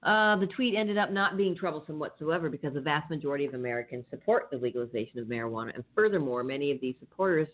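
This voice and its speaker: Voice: medium pitch, expressive, fast, hardly any pauses. A radio show host who reads out news items and then riffs on them casually, with swearing and laughter. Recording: tinny phone-like sound.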